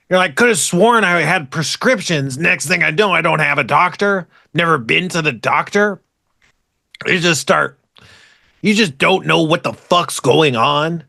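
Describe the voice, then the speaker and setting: A man's voice: fairly high pitch, creaky, bright, forceful tone, full character voice. A man putting on a brash radio-style character, telling a rambling, mock-dramatic story on a comedy podcast. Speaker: podcast co-host.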